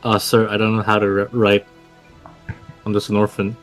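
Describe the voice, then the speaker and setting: A man's voice: on the low side, little pitch movement, normal speed, faint music behind. A man playing in a tabletop game, joking around and often hesitating. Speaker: player.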